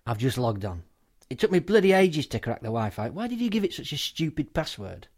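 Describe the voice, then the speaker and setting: A man's voice: medium pitch, very animated, a little fast, a little mellow. An actor playing an exasperated man fighting his computer. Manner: exasperated, sarcastic.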